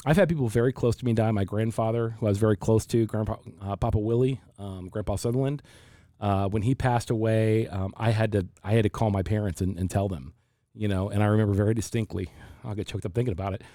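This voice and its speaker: A man in his forties with a low, mellow voice, talking through his faith in an unhurried, reflective way. He often stops and restarts his sentences. The recording is dry and close. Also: dry recording. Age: 40s. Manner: reflective, halting with many restarts. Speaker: pastor. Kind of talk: casual faith discussion.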